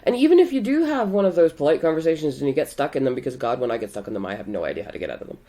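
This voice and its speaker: A woman's voice: deep voice, sing-song, very fast, warm tone. A woman co-hosting a casual podcast chat, talking bluntly and frankly, with casual swearing. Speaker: podcast co-host.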